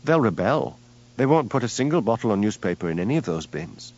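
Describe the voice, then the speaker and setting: A man voicing a poised young woman who owns a hotel, speaking gently with a worried edge. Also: fairly low pitch, big pitch swings, fairly quick, highs cut off.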